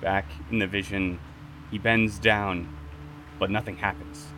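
A man narrating a tabletop game as game master, in a measured, dramatic way. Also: deep voice, fairly even intonation, sharp tone, slight background noise. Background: music.

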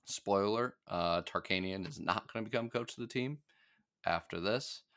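A man co-hosting a podcast, chatting casually about a TV episode, laughing often and relaxed with fillers. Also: lowish voice, moderate pace. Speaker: podcast co-host.

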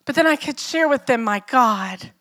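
A woman's voice: high-pitched, expressive, normal speed, a bit bright. Earnest middle-aged woman pastor preaching. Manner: earnest, personal storytelling with rhetorical questions. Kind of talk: sermon.

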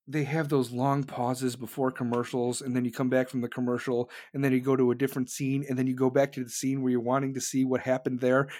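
A man hosting a show, ranting casually with heavy swearing and mocking impressions of people. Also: medium pitch. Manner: loud, animated, heavy swearing, mocking voices. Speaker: show host. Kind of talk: profane rant on a talk stream.

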